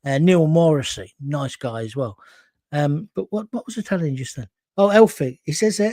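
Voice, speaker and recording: A man's voice: fairly high pitch, animated, normal speed, warm tone, no room sound. A man hosting a live talk show, reading out viewer comments and rambling through anecdotes on a close mic. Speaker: host.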